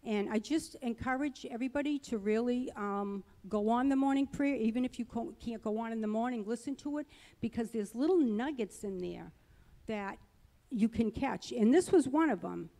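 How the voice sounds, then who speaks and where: A woman's voice: fairly high pitch, normal speed, dark tone, long reverb tail. A middle-aged woman giving a personal testimony at church, earnest and conversational, rambling a little as she talks. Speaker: church speaker.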